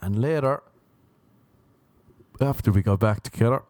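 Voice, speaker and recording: A young Irish man hosts a solo podcast, delivering a rambling monologue of meandering, self-mocking stories. His voice is medium-pitched and unhurried with a darkish tone, on a dry recording.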